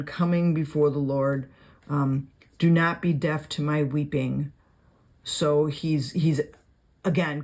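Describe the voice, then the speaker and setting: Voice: mid-range voice, darkish tone. Casual Bible study teacher reading verses. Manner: conversational, with many fillers, reading verses aloud and explaining them; writes notes while talking. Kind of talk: casual video Bible lesson.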